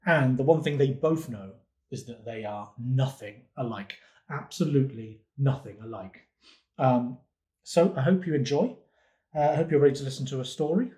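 A man reading his own picture book aloud for a children's storytime, gently pointing out details in the pictures. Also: mid-range voice, expressive, normal speed.

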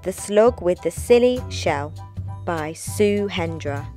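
A woman reading a children's picture book aloud in a slow, expressive storybook way. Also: lowish voice, over music.

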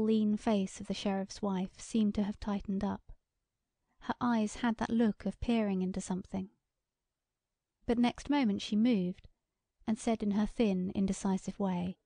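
A woman narrating a short story as an audiobook reader, in a measured, even delivery. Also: medium pitch, dry recording. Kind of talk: scripted narration.

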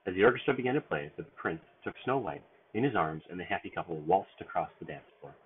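A man's voice: low voice, animated, fast, slight background noise. A man reading a storybook aloud at bedtime in a sing-song read-aloud manner, with small stumbles, over a tinny phone-like line.

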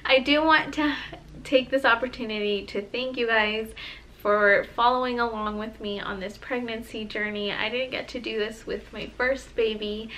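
A woman's voice: medium pitch, pushed and bright, a little hiss or hum, poor audio. A young pregnant woman talking to her viewers in a casual home vlog, gushing and emotional, close to tears. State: heavily pregnant. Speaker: vlogger. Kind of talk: casual vlog talk to camera.

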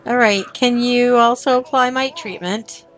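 High-voiced woman streaming a game. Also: steady tone, measured pace, a bit bright, faint music behind. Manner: chatty, talks to game characters and chat. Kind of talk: casual gameplay commentary.

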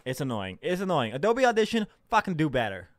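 A man's voice: a little high, wildly swooping pitch, fast, dry recording. A young man hosting his own podcast, ranting casually with lots of swearing, sarcasm and laughter. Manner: sarcastic, swearing, laughing mid-sentence, mocking voices. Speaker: podcast host. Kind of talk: casual solo rant. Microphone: home recording setup.

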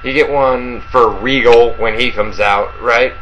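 A man's voice: medium pitch, fairly even intonation, measured pace, fairly bright tone, lo-fi sound, a little hiss or hum. A man co-hosting a casual wrestling talk show, rambling with many fillers and restarts. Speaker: podcast co-host.

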